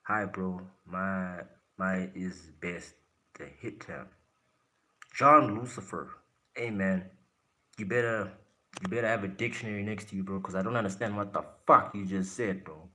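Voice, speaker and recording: A man's voice: low voice, measured pace, bright, forceful tone. A man from South Africa hosting a live stream, casually answering his chat in a blunt way and laughing often.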